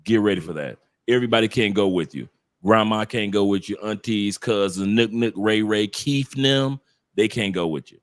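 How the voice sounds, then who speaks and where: A man's voice: on the low side, normal speed, no room sound. Emphatic preachy American man, dry sound. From United States. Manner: emphatic, preachy, lecturing audience directly. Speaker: podcast guest. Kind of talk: casual podcast conversation.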